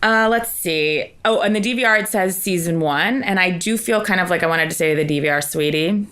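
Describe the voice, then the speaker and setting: Chatty woman with a low voice. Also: a little fast, fairly bright tone. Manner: gossipy, chatty storytelling full of "like" and asides. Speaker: podcast co-host. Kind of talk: casual chat.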